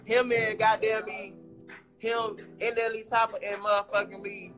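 High-pitched rapper guy in his 20s running his mouth, hyped and profane, some music faint in back. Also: moderate pace. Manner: animated, profane street slang, boastful. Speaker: rapper guest. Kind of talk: casual interview storytelling.

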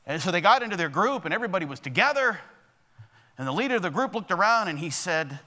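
A man preaches a sermon with a bright, forceful voice that sits a bit high. He keeps it conversational and often checks in with the congregation with a quick "okay?" or "right?". He sounds like a pastor speaking from the pulpit of a church. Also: big pitch swings. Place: church sanctuary.

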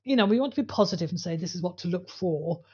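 A woman's voice: on the low side, lively intonation, fast, a little mellow, husky, muffled recording. A woman co-hosting a podcast about dog training, talking casually and telling anecdotes with acted-out voices. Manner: storytelling, acts out voices in anecdotes.

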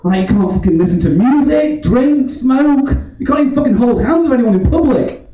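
Recorded from a distance in a roomy club that sounds dull, an English comedian, clearly drunk, rambles through his set, swearing nonstop and laughing along while the audience laughs. His voice is very high-pitched and mellow, with lively intonation and a slightly fast pace.

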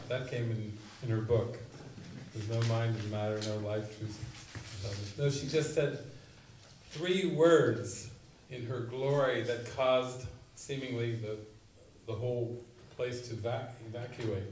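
A man giving a spiritual retreat talk, telling stories and acting out quotes with sudden loud bursts. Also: mid-range voice, steady tone, slow pace. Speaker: spiritual teacher. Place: retreat meeting room. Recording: roomy, mic at a distance, faint noise.

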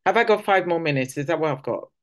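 A woman's voice: deep voice, lively intonation, fast. A woman from Nigeria, giving a conversational teaching talk at a church service, often restarting sentences and acting out quoted speech. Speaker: church speaker.

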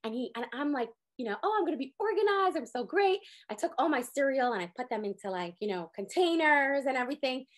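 A woman in her thirties teaching a lively Torah class, acting out quotes with sudden jumps in pitch. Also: fast talker, few pauses. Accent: sprinkles Hebrew words. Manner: animated, acts out quotes with big pitch jumps.

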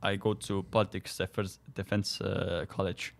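A man from Estonia, a comedian and army sergeant, chatting casually in halting English full of fillers and restarts. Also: low-pitched, level tone, gravelly. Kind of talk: casual podcast chat.

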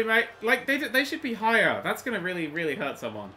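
Excitable man, lively high voice. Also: brisk, few pauses. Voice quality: excitable, sweary, jokey exclamations. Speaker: gaming YouTuber. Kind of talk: let's-play commentary. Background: faint game music.

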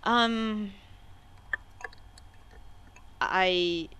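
A woman's voice: medium pitch, very slow, sharp tone, clear, resonant tone, poor audio. A young woman hosting a let's play, chatting and thinking aloud while she types her replies in the game. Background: game music and keyboard typing.

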